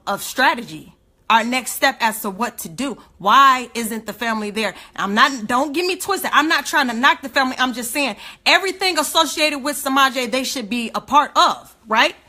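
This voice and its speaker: A woman's voice: a little high, pushed and bright. A woman speaking, giving an emotional, indignant livestream rant full of rhetorical questions.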